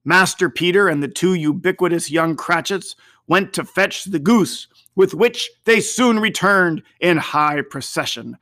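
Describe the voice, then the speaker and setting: A reader giving slow, measured, expressive audiobook narration of a classic novel. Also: medium pitch, no room sound, studio quality.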